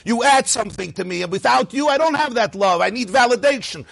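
A man teaching a lively Torah class, asking rhetorical questions and chuckling at his own points. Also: extremely high pitch, fairly quick, vocal fry.

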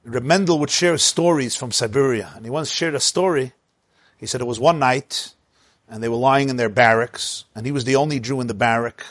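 A man telling a story in an animated way, mixing in Hebrew and Yiddish words as he speaks. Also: medium pitch, a little fast, dry recording, clean studio sound. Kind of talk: storytelling talk.

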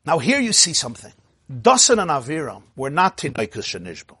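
A man, a rabbi, telling a story in a sermon, animated and acting out the quotes, swinging from quiet murmurs to exclamations. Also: fairly high pitch, a little fast, husky, no echo, clean studio sound.

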